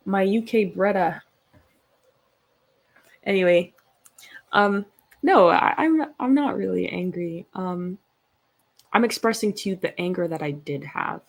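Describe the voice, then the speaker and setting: A woman's voice: medium pitch, measured pace, creaky, long pauses. A young woman hosting a casual livestream, talking passionately and reading out chat comments. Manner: passionate, emphatic, animated. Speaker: livestream host.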